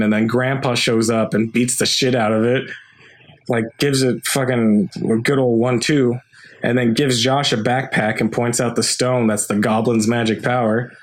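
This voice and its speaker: Young guy rambling thru a movie recap on a podcast, says like a lot, laughs and swears. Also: medium pitch. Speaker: podcast co-host. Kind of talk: casual chat recapping a movie.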